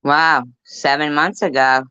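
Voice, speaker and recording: Low low voiced woman ranting and cussing, dry close sound, kinda muffled lo-fi audio. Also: fairly even intonation, measured pace, sharp tone, clean tone, no room sound. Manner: profane, defiant and repetitive. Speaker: commentary channel host. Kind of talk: angry commentary over played clips.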